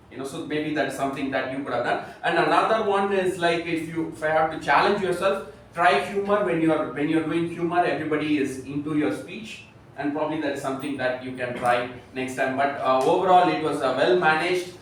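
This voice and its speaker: A man giving a spoken speech evaluation at a club meeting, halting and full of fillers. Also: fairly high pitch, a bit bright. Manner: halting, many fillers and restarts. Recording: echoey room, far from the mic, some noise.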